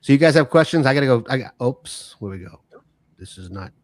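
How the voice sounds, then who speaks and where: A man hosting a podcast, chatting casually in a relaxed, conversational way. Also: mid-range voice, a little fast, dry recording, studio quality. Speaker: podcast host. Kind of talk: casual chat.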